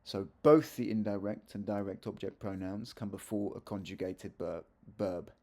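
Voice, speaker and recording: A man's voice: on the low side, steady tone, normal speed, a little mellow. A man teaching a video grammar lesson, chatty and self-correcting, with joking asides as he explains. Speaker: Spanish teacher.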